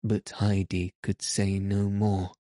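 A man narrating a classic children's story in a measured, even storytelling manner. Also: fairly low pitch, no room sound, clean studio sound. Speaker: audiobook narrator. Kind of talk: scripted narration.

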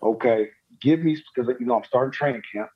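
A man, a former pro basketball player, telling stories in a relaxed, slangy way and laughing often. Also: medium pitch, fairly quick, highs cut off, a crowd in the background. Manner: laid-back, slangy, laughing storyteller. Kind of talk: casual storytelling chat.

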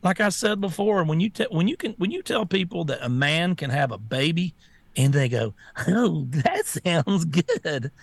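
A man's voice: a little high, brisk, vocal fry, no echo. A man co-hosting a talk show, talking bluntly and scornfully and laughing often. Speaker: co-host. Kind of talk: casual talk-show banter.

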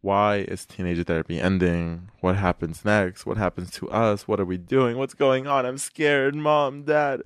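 A young man with a fairly low voice hosts a casual podcast chat. He rambles, laughs often and talks expressively. The sound is close and dry on a studio mic. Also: steady tone, normal speed, few pauses, clean tone, no room sound. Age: young adult. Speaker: podcast host.

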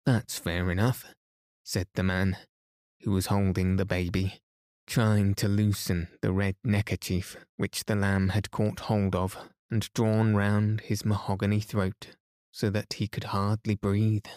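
A man reading a bedtime story aloud in a calm, soothing, unhurried way, as a sleep podcast host. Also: lowish voice, no room sound, clean studio sound.

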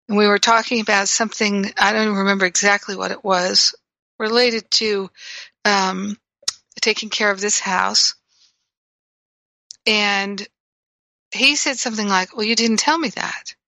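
Bright-voiced woman giving a spiritual talk. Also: medium pitch, no echo, poor audio. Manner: animated storytelling, acting out her own reactions. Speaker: spiritual teacher and radio host.

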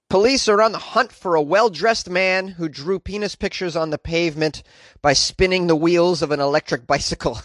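An American man hosting comic news commentary, energetic and wisecracking, laughing at his own jokes. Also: a little high, no room sound, clean studio sound. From United States. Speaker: podcast host.

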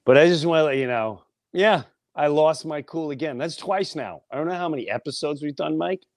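A man's voice: a little high, brisk, no room sound, studio quality. A middle-aged man hosting a podcast, telling a personal story in a blunt, profane, casual way and acting out the people he quotes. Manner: animated, acts out quoted voices, blunt and profane. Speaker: podcast host.

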